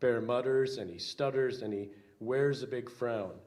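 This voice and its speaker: Slow-paced older male minister reading aloud. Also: mid-range voice, darkish tone. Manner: slow, unhurried storytelling with hesitant fillers. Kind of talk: reading a children's story aloud.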